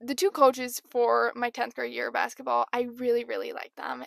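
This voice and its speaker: A woman's voice: high-pitched, fairly even intonation, fairly quick, vocal fry, hardly any pauses, dry recording. A young woman hosting a podcast, telling stories in a chatty, self-deprecating way with lots of "like". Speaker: podcast host. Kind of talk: casual storytelling.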